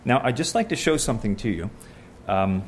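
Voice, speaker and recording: A man's voice: medium pitch, lively intonation, fairly quick, a little hiss or hum. A man preaching a sermon, reading scripture aloud and asking his listeners questions in an earnest, conversational way.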